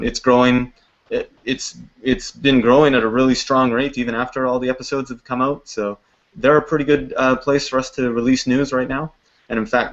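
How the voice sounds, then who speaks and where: A man who makes a web series, talking in a video call interview in an upbeat, chatty way with lots of fillers. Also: medium pitch. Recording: dull lo-fi call audio.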